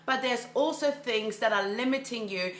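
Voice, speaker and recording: A woman's voice: on the high side, moderate pace, reverberant. A woman mindset coach giving an enthusiastic, casual motivational talk, often repeating phrases for emphasis. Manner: casual, filler-heavy delivery. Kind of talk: motivational monologue.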